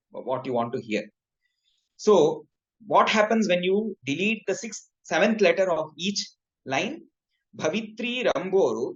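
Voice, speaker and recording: A man with a fairly high voice gives a lecture, reading out verse lines and then explaining each one. The recording sounds muffled and lo-fi. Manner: explanatory, recites Sanskrit verses then translates. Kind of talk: academic lecture with slides.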